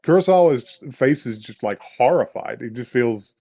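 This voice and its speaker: A man's voice: mid-range voice, lively intonation, normal speed, mellow, dry recording. A man co-hosting a podcast, casually retelling an episode and acting out the characters' lines, laughing often. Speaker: podcast co-host. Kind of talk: casual chat recapping an episode.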